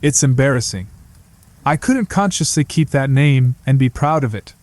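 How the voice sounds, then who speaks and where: A man's voice: medium pitch, animated, moderate pace, darkish tone, no room sound, lightly acted. A man voicing a blunt young psychology student who answers in a dry, dismissive, lecturing way. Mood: sardonic.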